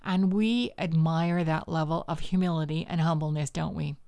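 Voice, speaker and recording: A woman's voice: sits low, fairly even intonation, moderate pace, a little mellow, no room sound. Punchy Canadian woman podcast host. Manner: punchy, provocative, conversational. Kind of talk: solo podcast monologue.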